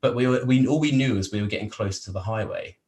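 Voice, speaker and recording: An English man, a podcast guest, telling a long travel anecdote in a casual, animated, rambling way with frequent laughs. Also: medium pitch, fast, slight background noise. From England.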